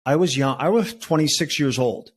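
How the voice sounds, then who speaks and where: A man in his sixties, a retired federal agent, telling his story as a podcast guest in relaxed talk with fillers and restarts. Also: on the high side, moderate pace. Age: 60s. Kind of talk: conversational storytelling.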